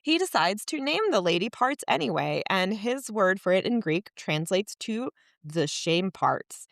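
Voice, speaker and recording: A woman chats through a book club episode as co-host, animated and full of quick asides. Her voice sits in a middle range. The recording is close and dry, with no room sound. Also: medium pitch, vocal fry, no echo. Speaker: podcast co-host. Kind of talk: casual book club chat.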